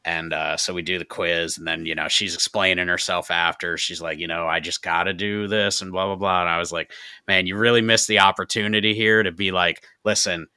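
A man co-hosts a podcast in loose casual chat, telling stories with a dry sense of humor. His voice sits very low yet sounds sharply bright and crisp. He talks easily with friends. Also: fairly even intonation, brisk, dry recording. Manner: dry joking storyteller. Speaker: podcast co-host.

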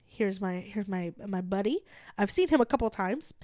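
A young adult woman co-hosting a comedy podcast tells a story in casual chat, animatedly acting out quoted dialogue and swearing freely. Her voice sits in the mid range at a moderate pace, with clean, echo-free studio sound.

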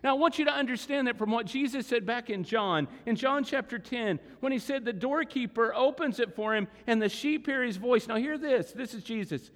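High-voiced man preaching in a reverberant hall. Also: fairly bright tone. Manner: dramatic retelling with acted quotes, slowing for emphasis. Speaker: pastor. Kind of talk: sermon. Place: church sanctuary.

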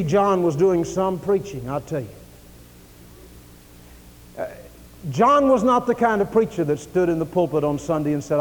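Male preacher, dramatic sermon, loud-to-hushed swings, high voice, church, long hall reverb. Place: church sanctuary.

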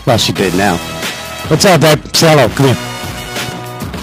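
A man with a New York accent hosting a podcast from home, talking loudly, excitably and with plenty of swearing. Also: fairly high pitch, normal speed, pauses often, music in the background. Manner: loud, profane and excitable. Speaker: podcast host. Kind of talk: casual podcast chat. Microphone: headphones and mixer.

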